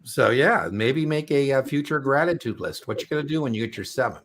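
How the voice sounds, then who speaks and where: A man's voice: medium pitch, animated, brisk. A middle-aged man hosting an exam prep live stream, chatting casually and telling rambling, joking stories.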